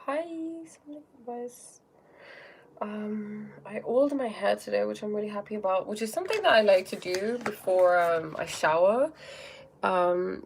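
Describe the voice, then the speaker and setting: A woman with a mid-range voice, lively intonation and vocal fry speaks at a moderate pace over slight background noise. She's hosting a casual spiritual self-help livestream from her phone, thinking aloud with lots of fillers and restarts while answering viewers' questions and chatting about their comments.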